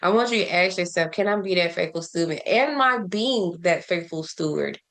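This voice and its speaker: Woman, casual faith vlogger, talkative and preachy, with a gravelly texture. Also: lowish voice, expressive, moderate pace, a bit bright. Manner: conversational and preachy, asks rhetorical questions, laughs often; repeats words and restarts often. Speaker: faith and self-care vlogger. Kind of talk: casual spoken devotional.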